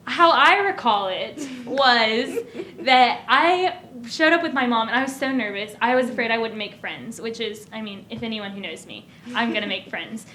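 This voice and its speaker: Bubbly high-voiced young woman host. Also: moderate pace, hardly any pauses, sharp tone, slight background noise. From Illinois. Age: young adult. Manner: bubbly and talkative, laughs a lot. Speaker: host of a campus show. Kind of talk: casual interview chat.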